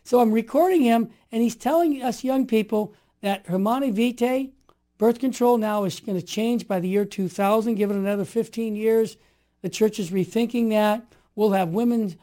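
A man in his sixties telling stories in a conversation, emphatic and animated, sometimes building to forceful outbursts. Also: high-pitched. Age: 60s. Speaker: interview guest. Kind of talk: storytelling conversation.

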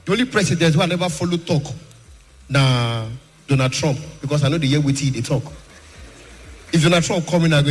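A man's voice: on the high side, a little fast, pauses often. A man with a Nigerian accent doing a stand-up comedy set in Pidgin-laced storytelling, breaking into impressions of callers. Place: large live-show hall. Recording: live hall with reverb and faint ambient noise.

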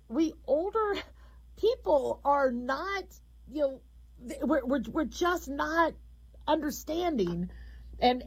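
A woman's voice: sits high, rough recording. A middle-aged woman hosting a radio call-in show, talking frankly in a rambling, conversational monologue.

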